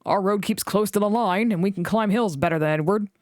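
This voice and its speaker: A woman voicing a calm, reassuring male bus driver. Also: medium pitch, brisk, no echo, studio quality, lightly acted. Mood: steady.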